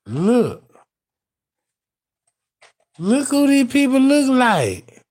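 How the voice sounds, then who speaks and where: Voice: high-pitched, huge pitch swings, very slow, darkish tone. A commentator talking to viewers in casual video commentary, emphatic and profane, using street slang and addressing the audience directly.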